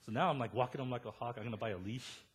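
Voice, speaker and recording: Husky-voiced pastor telling stories. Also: male voice, medium pitch, very fast. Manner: animated storytelling, quoting others. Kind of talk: sermon.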